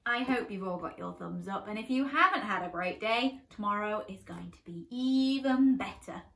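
Animated woman reading a bedtime story. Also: mid-range voice, normal speed, gravelly. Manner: animated, talks to children directly. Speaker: children's storyteller. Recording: echoey room.

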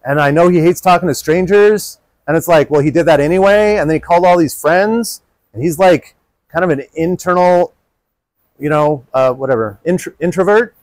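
A man presenting a dating workshop, answering audience questions in an earnest, animated way and acting out inner dialogue. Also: fairly high pitch, moderate pace, no echo. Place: workshop room.

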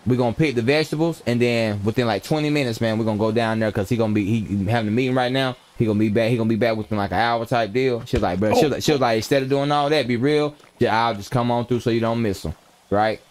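A young man streams a role-play game, chatting casually in a fast, medium-pitched, darkish voice. He tells stories using slangy, profane talk and laughs often.

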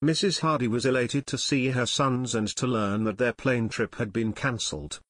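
A man narrating an unabridged audiobook in a steady storytelling manner on a close mic. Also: mid-range voice, moderate pace, no echo. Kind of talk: scripted narration.

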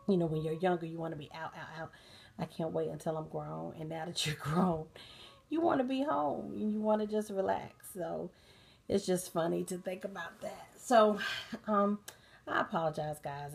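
A sleepy woman hosting a relaxed bedtime chat, talking casually with lots of fillers and laughs. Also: low voice, vocal fry. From United States. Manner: relaxed, chatty, laughing often, many fillers. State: sleepy and tired. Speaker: host of a bedtime talk channel. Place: dim bedroom at night, soundscapes playing.

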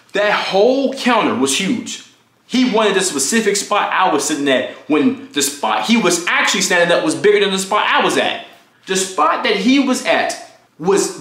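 A young man telling a storytime vlog story, animated and profane, acting out the quoted lines as he goes. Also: high voice. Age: young adult. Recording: echoey room.

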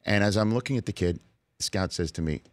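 Man, 40s, very deep voice, earnest talk-show host, casual storytelling, dry studio sound. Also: quick pace, no echo. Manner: earnest storytelling, emotional at times. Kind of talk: casual chat. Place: radio studio.

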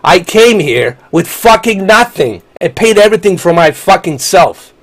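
A man's voice: high voice, big pitch swings, moderate pace, fairly bright tone. A man, ranting angrily and profanely while live-streaming a game. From Bosnia. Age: 40s. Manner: angry, profane, combative.

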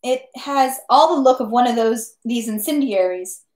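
A woman voicing a brisk, suspicious male French army officer in a storybook reading, clipped and commanding, in an echoey room. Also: on the high side, expressive, a little mellow, natural voice.

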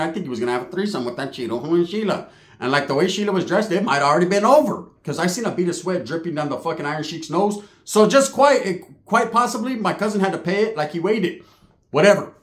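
A man's voice: high voice, animated, fast, a bit bright, roomy sound. A middle-aged man telling a long street story, profane and streetwise, peppered with Spanish slang. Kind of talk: casual storytelling monologue.

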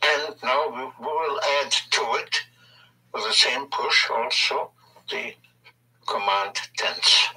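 Slow, patient man teaching from a distance. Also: mid-range voice, bright, forceful tone, husky. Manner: slow, patient, emphatic explaining with repetitions. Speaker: language teacher. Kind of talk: recorded language lesson.

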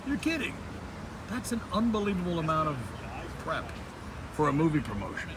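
An excitable, joking man vlogs as he walks busy city streets, his voice sitting a touch high. Traffic and street noise run clearly behind him the whole time. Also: a little fast. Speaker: vlogger. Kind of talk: casual vlog walk-and-talk.

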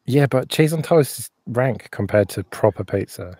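A man's voice: mid-range voice, lively intonation, normal speed, dark tone, dry recording, studio quality. A man hosting a casual live-stream chat, chatty and laughing often, sometimes swearing. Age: older than a younger co-host. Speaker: podcast host.

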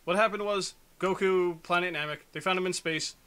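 Young dude gaming, bright high voice, sarcastic, goes off on tangents, crude humor. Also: male voice, fairly even intonation, fairly quick, clear, resonant tone. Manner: rambling, sarcastic, crude jokes. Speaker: let's play co-host. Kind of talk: casual gameplay commentary.

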